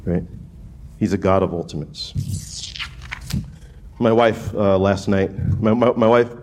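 A man from New Orleans preaching a sermon in a casual, animated way, often restarting phrases and checking in with "right?". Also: on the low side, measured pace. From New Orleans, USA. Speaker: pastor.

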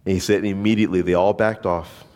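A man's voice: low-pitched, steady tone, fast, darkish tone, in a large hall. A man preaching a sermon, telling a story and acting out the voices of the people in it. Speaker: pastor.

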